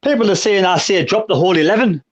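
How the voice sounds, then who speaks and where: A man's voice: sits high, quick pace. A man in his sixties on a fan chat panel, blunt and grumbling. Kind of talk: casual live fan chat. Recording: dull lo-fi line.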